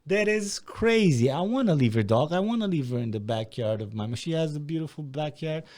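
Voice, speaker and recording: A young Romanian podcast host tells a story in a casual, animated way, swearing freely. His voice is a little high and his pace brisk.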